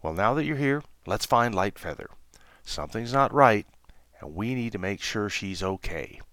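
A man's voice: fairly low pitch, lively intonation, normal speed, fairly bright tone, no room sound. A man voicing a brave little male stuffed bear, urgent and eager.

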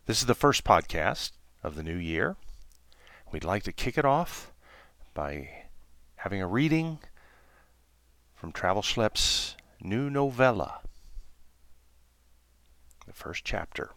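A man hosting a podcast, reading a children's novella aloud in a measured storytelling manner. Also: on the low side, big pitch swings, fairly bright tone, no room sound. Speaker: podcast host.

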